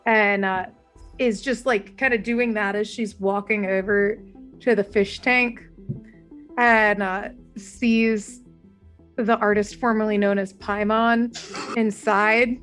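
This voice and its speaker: A woman's voice: mid-range voice, fairly even intonation, takes it slowly, fairly bright tone, soft background music. A woman playing in a tabletop role-playing game, talking in a chatty, rambling, playful way. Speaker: player. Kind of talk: casual chat during a tabletop game.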